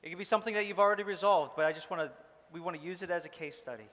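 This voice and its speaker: A man's voice: high voice, very fast, fairly bright tone, in a large hall. A male pastor giving a casual, joking sermon, rambling with many fillers. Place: church hall.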